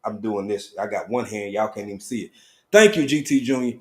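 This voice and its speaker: With a fairly low pitch and a brisk pace, a man casually hosts a live stream, drawling greetings to viewers by name and suddenly getting excited.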